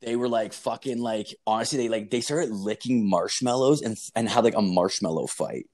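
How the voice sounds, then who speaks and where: Young guy rambling thru a party story, swears a ton, says like every other word, lowish voice. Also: moderate pace, a little mellow. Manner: rambling, profane, lots of "like" and "dude". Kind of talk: casual storytelling.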